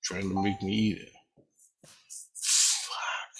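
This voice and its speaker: A man's voice: low voice, flat delivery, takes it slowly, creaky, pushed and bright, breathy edge. A man telling a rambling, repetitive personal story, with frequent swearing.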